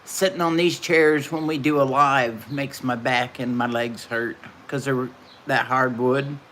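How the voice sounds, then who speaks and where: A woman's voice: a bass voice, steady tone, a little slow, a bit bright, a little hiss or hum. A middle-aged woman, chatting casually and telling folksy stories while hosting a livestream. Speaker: livestream host.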